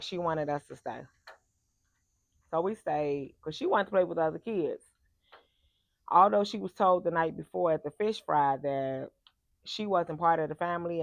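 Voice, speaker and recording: A woman tells a personal story in a casual, animated, emphatic way. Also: low-pitched, no room sound. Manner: animated and emphatic, acts out the people she quotes. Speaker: vlogger telling a personal story.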